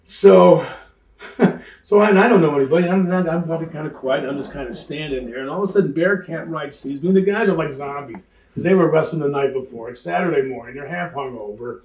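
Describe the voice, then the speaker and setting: A man's voice: on the high side, a little fast. A man telling stories in an interview, acting out the voices of the people he quotes and laughing through his tales. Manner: animated storyteller who acts out quoted voices. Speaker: interview guest, wrestling veteran. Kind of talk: storytelling shoot interview. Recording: roomy sound, mic at a distance.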